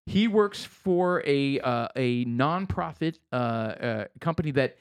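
A man's voice: mid-range voice, slow pace, smooth. A middle-aged man chatting casually as a co-host, telling stories with lots of fillers and restarts. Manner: animated storytelling with many fillers. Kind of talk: casual chat.

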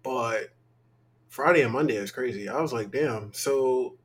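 A man's voice: mid-range voice, slow, rough recording. A young man co-hosting a casual podcast, sounding tired as he rambles candidly, with lots of fillers. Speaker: podcast co-host.

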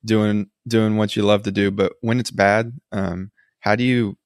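A man co-hosting a podcast, asking a guest questions in a relaxed, friendly way. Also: fairly low pitch, unhurried, no echo, clean studio sound. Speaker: podcast co-host. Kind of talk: casual interview questions.

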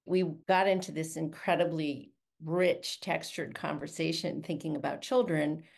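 A woman's voice: low-pitched, steady tone, a little slow, gravelly. A woman co-hosting a podcast, guiding the discussion in a reflective way. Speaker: podcast co-host. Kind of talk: casual chat.

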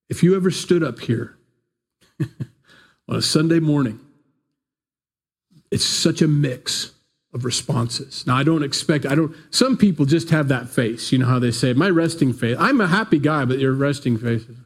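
Husky-voiced animated male preacher. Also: mid-range voice. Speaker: pastor. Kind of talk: conversational sermon. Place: church room, not big. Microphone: pulpit microphone.

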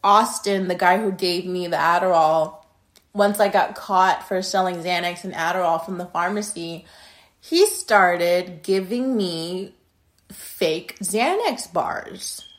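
Hosting a podcast, a young adult woman tells a rambling tale in a blunt, casual, foul-mouthed way. She shifts between emphatic loud bursts and muttered asides, using a lowish voice at a measured pace.

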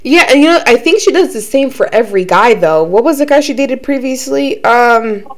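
A woman's voice: high-pitched, expressive, moderate pace. Young woman on a podcast, voice jumps all over, swears constantly, laughs a lot. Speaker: podcast co-host. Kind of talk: casual chat.

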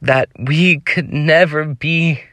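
A man's voice: a little high, slow pace, fairly bright tone, no echo. A man preaching a devotional sermon, pleading with his listeners in an earnest, exhorting way.

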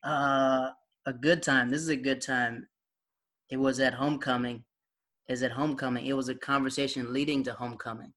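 Young guy reminiscing in a casual chat, bright tense voice, says like a lot. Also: mid-range voice, flat delivery, moderate pace. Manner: rambling storyteller, lots of "like", laughs often. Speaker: partner sharing memories.

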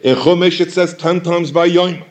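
A man's voice: high voice, normal speed. A man teaching a Torah lecture, posing questions and repeating phrases for emphasis. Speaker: rabbi teaching Talmud.

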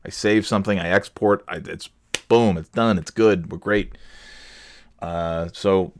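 A man's voice: deep voice, fairly even intonation, a little slow, slight background noise. A man hosting a casual solo monologue, talking in a sarcastic, rambling way with many fillers and restarts.

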